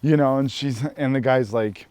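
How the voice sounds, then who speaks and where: A man from Montana casually telling a personal story in a relaxed, rambling way, full of "you know" fillers. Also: mid-range voice, moderate pace, smooth, no echo. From Helena, Montana. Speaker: storyteller sharing his coming-out experience.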